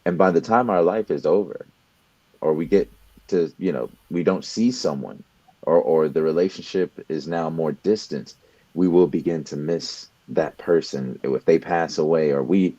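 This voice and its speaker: A man's voice: extremely low pitch, moderate pace, mellow, no room sound, highs cut off. A young man co-hosting a podcast, giving an earnest motivational talk and often repeating words as he builds his point. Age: young adult. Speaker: podcast co-host.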